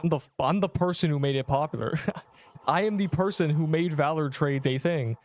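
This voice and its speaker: A man's voice: a little high, normal speed, darkish tone. A man live-streaming a game, chatting playfully with viewers and joking at his own expense. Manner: playful and self-mocking, reacting to chat. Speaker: streamer playing an online game.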